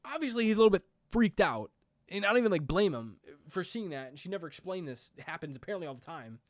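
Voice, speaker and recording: A man's voice: sits high, big pitch swings, fast talker, no echo. Guy rambling through a movie recap, tons of likes and ums, dry close sound. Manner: rambling, fillers like "like" and "um". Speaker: movie reviewer. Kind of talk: casual movie plot recap.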